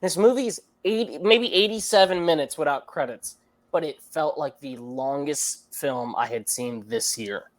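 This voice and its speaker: A man co-hosting a movie review podcast talks in a casual, rambling way, with lots of fillers and restarts. His voice is fairly high and moves at a moderate pace.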